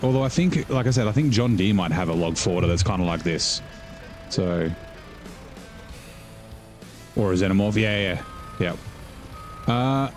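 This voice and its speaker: A man's voice: on the low side, a little mellow. A man casually commenting while he live-streams a game, rambling and joking with his viewers. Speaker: gaming streamer.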